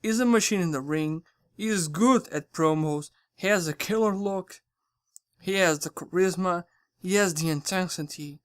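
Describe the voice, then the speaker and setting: A channel host giving a casual spoken review, rambling and excitable, often stumbling and correcting their words. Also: medium pitch, moderate pace, no room sound, studio quality.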